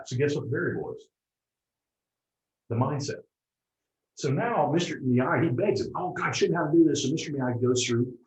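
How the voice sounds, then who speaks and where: A man giving a motivational seminar talk to a live group, animated and often checking in with the audience. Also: medium pitch. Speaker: motivational speaker. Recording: roomy, dull lo-fi room recording.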